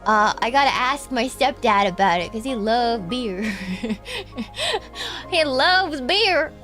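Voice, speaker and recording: Bright high-pitched woman streamer. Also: animated, takes it slowly. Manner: chatty, calls viewers "Cookie", trails off softly at phrase ends. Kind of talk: casual livestream chat, reading viewer donations. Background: faint background music.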